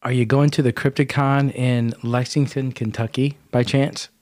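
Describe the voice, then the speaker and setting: A man's voice: mid-range voice, little pitch movement, normal speed, darkish tone, no room sound. Man hosting a casual interview, dry sound. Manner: friendly, conversational questioning. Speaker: podcast host.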